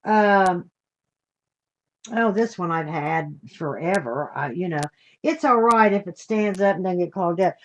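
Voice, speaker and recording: A woman's voice: on the low side, expressive, unhurried. Chatty older woman hosting a craft stream. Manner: chatty and homey, greets viewers with endearments. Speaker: craft show host. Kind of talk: live-streamed craft demonstration.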